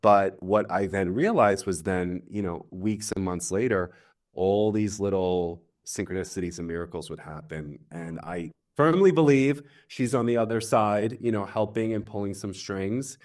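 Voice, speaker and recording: A man's voice: lowish voice, moderate pace, a little mellow. A man who is a guest on a podcast, speaking in an earnest, reflective way with frequent fillers. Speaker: astrologer guest. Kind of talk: casual conversational interview.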